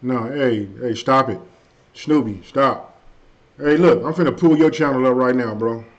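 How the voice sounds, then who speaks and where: A man hosting a casual live stream, chatting loosely with viewers and saying his energy is low tonight. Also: fairly quick. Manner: loose and conversational, frequent "hey" and "you know what I mean". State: a bit under the weather, low energy. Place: at home. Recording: dull lo-fi stream audio.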